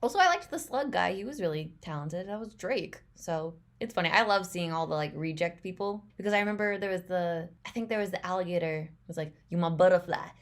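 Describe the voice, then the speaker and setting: A woman's voice: fairly low pitch, a little fast, few pauses. A young woman chatting casually as she reacts to a movie trailer, rambling and laughing often.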